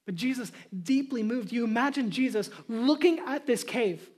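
High-voiced male pastor preaching. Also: lively intonation, normal speed. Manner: conversational storytelling building to loud, emphatic preaching. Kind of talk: sermon.

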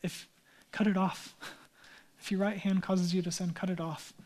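A man's voice: sits high, flat delivery, normal speed, a little mellow. A man in his thirties, a pastor preaching a sermon in an earnest, conversational way, pleading with his listeners.

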